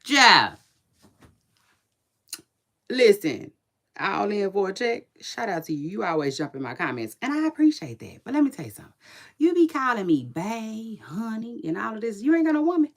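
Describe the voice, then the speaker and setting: A woman's voice: medium pitch, big pitch swings, normal speed, fairly bright tone. A woman with children, chatting casually and outspokenly about celebrity gossip on a live stream, laughing often and using slang. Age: adult with children. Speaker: commentary vlogger reacting to celebrity gossip.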